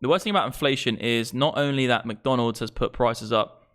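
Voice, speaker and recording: A man's voice: medium pitch, brisk, fairly bright tone. Profane, exasperated man ranting. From England. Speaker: crypto streamer. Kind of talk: ranting live stream.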